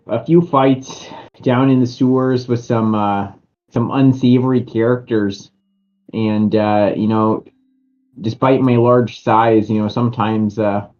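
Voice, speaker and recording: A big, good-natured adventurer, played by a man who rambles and hesitates. The voice sits at a middle pitch. The recording is dull and lo-fi, with faint music underneath. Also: close to an everyday voice.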